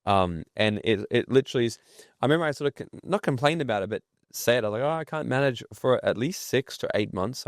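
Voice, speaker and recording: A man's voice: fairly low pitch, no echo, clean studio sound. An entrepreneur speaking as a podcast guest, blunt and profane, telling stories to make his points. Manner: blunt, swears freely, tells stories. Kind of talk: casual podcast interview.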